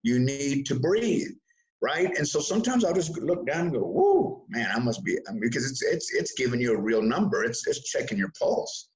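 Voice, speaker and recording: A man's voice: mid-range voice, moderate pace, low-quality recording. A man speaking as an interview guest on mindfulness, telling stories with chuckles and often restarting his sentences. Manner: lively storytelling with chuckles; restarts and repeats words often. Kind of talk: casual interview talk.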